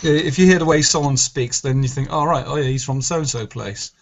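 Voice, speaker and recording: A man's voice: mid-range voice, brisk, slight background noise. A man with a Welsh accent in casual chat, telling stories in a joking, sarcastic way over a video call.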